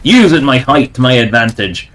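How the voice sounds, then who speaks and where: A man livestreaming a game, talking through it in a loose, rambling way. He drops wry remarks and small chuckles as he plays. His voice sits at an ordinary middle pitch. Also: very animated, moderate pace, a bit bright. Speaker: game streamer. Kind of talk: casual gameplay commentary.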